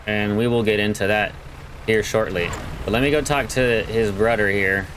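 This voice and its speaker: A man's voice: on the low side, fairly even intonation, normal speed, fairly bright tone, slight background noise, poor audio. A man casually commenting on a game he's playing, slangy and joking. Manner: slangy, laid-back, joking. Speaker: gaming channel host. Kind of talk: casual let's play commentary.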